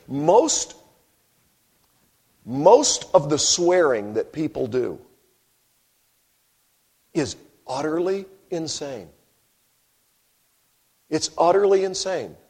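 A man preaches a sermon in a fairly high voice with a breathy edge. He's animated, telling stories wryly and breaking into sudden emphatic bursts.

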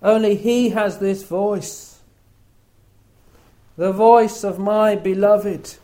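Guy preaching slow and solemn, high voice but mellow tone, repeats stuff for emphasis. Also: fairly even intonation. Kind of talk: scripture reading and sermon.

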